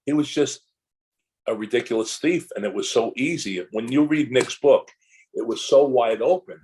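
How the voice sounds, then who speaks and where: A man's voice: medium pitch, moderate pace, darkish tone, slight background noise, low-quality recording. An older man, an actor guest in a casual interview, telling long rambling anecdotes full of restarts and asides.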